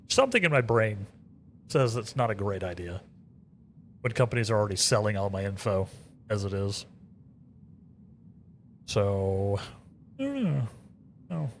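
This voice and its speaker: Low-voiced guy streamer rambling to chat, trips over words, faint room noise behind. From United States. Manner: rambling, repeats words, chatty asides to chat. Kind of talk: casual chat with live chat while gaming.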